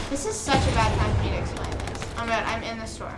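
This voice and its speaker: A young woman with a fairly high voice talks fast while live-streaming a game, chatting casually and telling a rambling story full of quoted back-and-forth. The audio is very noisy, with music playing in a roomy space.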